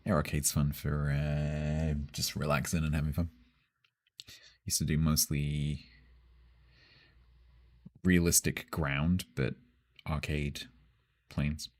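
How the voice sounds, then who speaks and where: A man's voice: a bass voice, level tone, slow, pauses often. A man, chatting casually on a live stream, answering chat and chuckling often.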